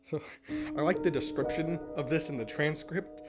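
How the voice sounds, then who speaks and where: A man with a slightly raised pitch talks through a story recap in loose, conversational commentary. He laughs often and swears casually. Clear background music plays beneath his voice. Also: normal speed. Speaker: podcast-style episode analyst. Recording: music playing underneath.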